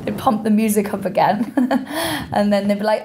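A woman co-hosting a comedy podcast. She is sardonic and sweary in casual banter. Her voice sits in a middling pitch. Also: moderate pace, a little mellow.

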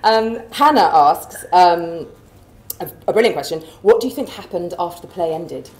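A woman's voice: lowish voice, expressive, moderate pace. A woman hosting a live interview and reading out viewer questions in a bubbly, upbeat, enthusiastic way. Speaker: host. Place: office event space. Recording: echoey room.

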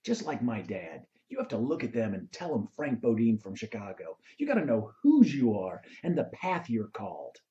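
A male host shares a motivational story with lively rises and falls in his pitch. He slips into the voices of the people in the tale as he goes. The audio sounds dull and slightly lo-fi. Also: normal speed, few pauses. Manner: animated storyteller, acts out quoted lines.

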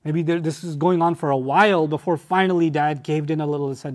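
Guy teaching scripture, high voice, really emphatic, restarts a lot. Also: quick pace. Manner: animated and emphatic, with frequent restarts. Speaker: Quran teacher. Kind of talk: lecture on scripture.

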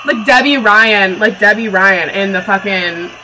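A young woman in her twenties gushing excitedly while reacting to a movie, swearing and giggling often. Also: mid-range voice, measured pace, a little hiss or hum. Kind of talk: casual reaction vlog.

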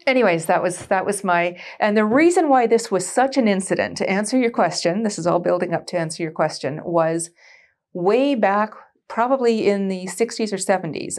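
Speaking from a museum's board room, this medium-pitched woman shares her oral history with plenty of anecdotes, energy, and frequent laughter. She's Canadian, in her forties, and used to be a military switchboard operator.

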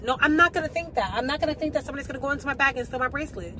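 A young woman talks to a handheld camera held at arm's length, her voice pitched a little high. She chats in a loose, rambling way and swears freely, her words slightly slurred by a numb mouth. Steady noise hisses under the recording. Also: rapid-fire, few pauses, rough recording. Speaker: vlogger. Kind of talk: casual vlog chat to camera.

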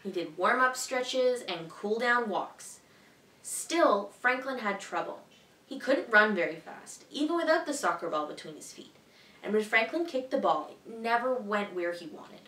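A woman teacher reading a children's picture book aloud in a clear, expressive, evenly paced way. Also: fairly high pitch, measured pace, far from the mic. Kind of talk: storybook read-aloud for children. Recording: echoey room, voice a bit off-mic.

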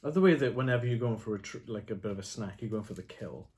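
A man co-hosting a casual snack tasting chat, reading packet blurbs aloud slowly and making dry jokes. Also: on the low side, lively intonation, darkish tone. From United Kingdom. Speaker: co-host.

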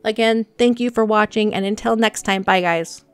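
A young woman gushes through casual gameplay commentary, often breaking off to coo at her animals. Her voice sits at an ordinary middle pitch and sounds close and dry. Soft music plays faintly underneath. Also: normal speed, clean tone, no echo. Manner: gushing, excitable, talks to her animals. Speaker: gaming channel host.

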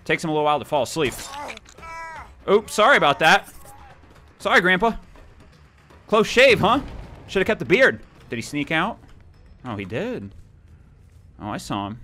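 A young man giving excitable, playful let's-play commentary, taunting the players as he goes. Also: fairly high pitch, normal speed, pauses often. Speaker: gaming YouTuber.

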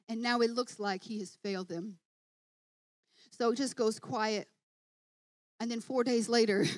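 A woman preaching a sermon in church, telling the story in lively scenes with voiced asides and rising excitement. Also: fairly high pitch, no room sound.

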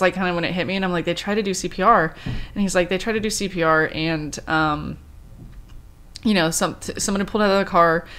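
Grieving woman telling a halting story. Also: deep voice, fairly bright tone, clean tone. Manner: halting, many fillers and restarts, recounting quoted talk. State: grieving, subdued. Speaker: vlogger. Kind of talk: personal storytelling vlog.

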